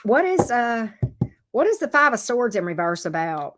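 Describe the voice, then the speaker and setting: A woman's voice: a little high, big pitch swings, moderate pace, fairly bright tone, a little hiss or hum. A woman giving a casual tarot reading, chatting straight to her viewers, teasing them playfully and repeating her phrases. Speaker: tarot reader.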